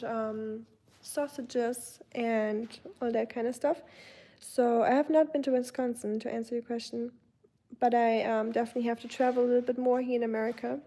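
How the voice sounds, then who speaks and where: A young German woman with a German accent, casually chatting on her livestream and answering viewer comments. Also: fairly high pitch. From Germany, Baden-Württemberg. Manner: chatty, warm greetings to viewers, many fillers. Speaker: livestream host. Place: home.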